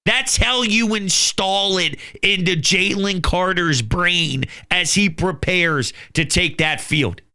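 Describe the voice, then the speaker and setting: A man's voice: high voice, takes it slowly, hardly any pauses, sharp tone. A man with a Philadelphia accent hosting a sports podcast, talking in a hyped, emphatic way. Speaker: podcast host. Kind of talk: excited sports talk.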